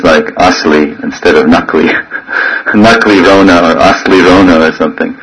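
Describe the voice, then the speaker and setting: Deep-voiced man giving a rambling devotional talk. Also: a bit bright, slight background noise, low-quality recording. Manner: rambling storyteller, imitates crying children and yelping dogs. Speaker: spiritual teacher. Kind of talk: informal devotional class talk. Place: living in a holy town in India.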